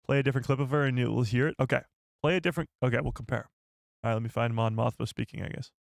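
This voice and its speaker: An excitable man hosting a live stream reaction, addressing his chat. He sounds incredulous and fired up. His voice sits mid-pitch and is recorded very dry and close. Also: racing, vocal fry, dry recording.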